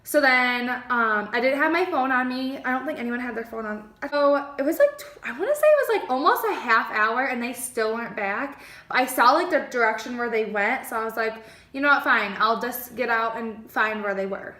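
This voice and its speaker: A woman's voice: fairly high pitch, lively intonation, moderate pace, pushed and bright, reverberant. A young woman vlogger telling a personal story in a casual, rambling way, full of "like" and acted-out lines of what she said back then. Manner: chatty, heavy use of "like", acts out her own past lines.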